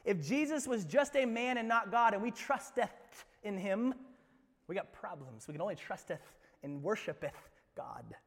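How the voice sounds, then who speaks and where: High-voiced man preaching in a reverberant church. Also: animated, moderate pace, vocal fry. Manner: dynamic preaching, swinging from loud emphatic lines to near-whispers; repeats words and restarts phrases when emphatic. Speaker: pastor. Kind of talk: sermon. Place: church sanctuary. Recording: long hall reverb from a church room.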